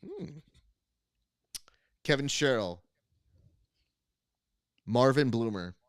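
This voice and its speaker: A man hosting a casual panel show, chatty and playful, quick to laugh. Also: medium pitch, lively intonation, no echo, clean studio sound. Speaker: host.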